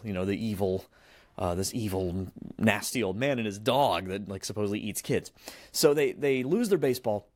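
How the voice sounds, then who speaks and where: A man's voice: fairly low pitch, dry recording. A man hosting a podcast, retelling a film plot in a rambling, casual way full of fillers and restarts. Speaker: podcast host.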